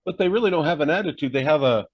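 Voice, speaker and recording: A man talking in a casual conversation, halting and restarting his sentences. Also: fairly high pitch, animated, slightly rough. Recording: dull, muffled recording.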